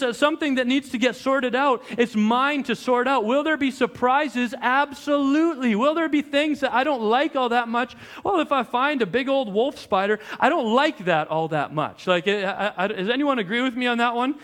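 A young adult pastor with a high voice preaches a sermon in a conversational, animated storytelling style. He frequently restarts his sentences.

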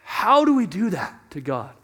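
A man's voice: sits high, huge pitch swings, a little slow, a bit bright, slightly rough. A young adult man preaching a conversational sermon, questioning himself aloud and acting out voices in quotes. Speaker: pastor.

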